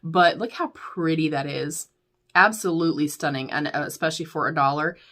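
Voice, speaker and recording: A woman's voice: low voice, fairly quick, a bit bright. A young woman chatting candidly through a makeup declutter, calling her viewers y'all and laughing often. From United States. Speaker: beauty YouTuber. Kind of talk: casual chatty product review.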